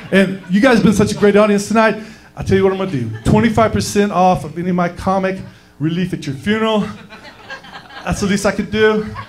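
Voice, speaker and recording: Brash high-voiced stand-up comic. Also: male voice, brisk, a little hiss or hum. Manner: brash, crude punchlines. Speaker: stand-up comedian. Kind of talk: stand-up set. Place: comedy club stage with a live audience.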